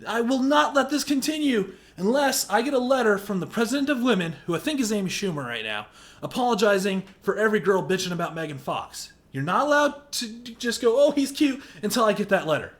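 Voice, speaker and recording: A man ranting indignantly in a movie review video, exaggerated, and shouting at times. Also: high-pitched, very animated, brisk.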